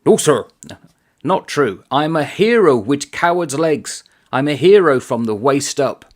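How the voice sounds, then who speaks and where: A man's voice: a little high, lively intonation, measured pace, pitched above the performer's own voice. A man doing a cheeky cowardly gunner. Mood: protesting. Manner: cheeky, protesting excuses. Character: cowardly, quick-witted male army gunner.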